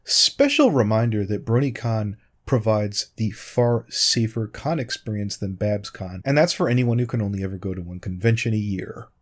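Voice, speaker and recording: A man's voice: on the low side, moderate pace, hardly any pauses. Sarcastic, pointed male commentator. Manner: sarcastic, pointed, repeatedly addressing his target by name. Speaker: YouTube commentator responding to a critic.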